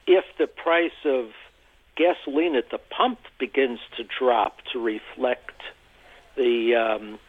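A man's voice: mid-range voice, husky, dry recording. A man being interviewed on the radio, explaining at length and often repeating words as he gathers his thoughts. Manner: halting, repeats words while thinking. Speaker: interview guest, energy commentator. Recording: tinny phone line.

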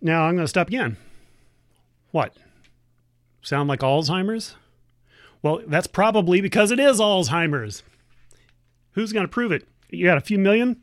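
A woman's voice: fairly low pitch, lively intonation, moderate pace, pauses often, dry recording. Female community radio host, wry editorial commentary, dry studio mic. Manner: wry, editorializing, breaks in to comment while reading.

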